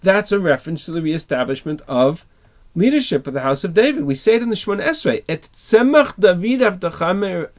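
Animated man teaching an online class. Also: high voice, fairly quick. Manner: emphatic, asks rhetorical questions and answers them. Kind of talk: online text-study class.

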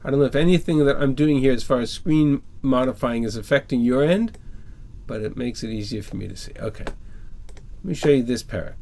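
A man's voice: mid-range voice, brisk, gravelly, a little mellow. A man teaching a text-study class over a video call, reading verses and then explaining them with emphatic rhetorical questions.

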